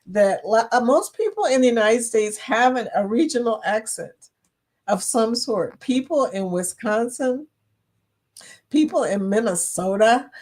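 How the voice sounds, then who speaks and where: A woman's voice: on the high side, lively intonation, a little slow, a little mellow. Chatty woman with a Kentucky accent. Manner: chatty, reads viewer comments aloud, laughs often. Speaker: livestream host. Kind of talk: casual livestream chat.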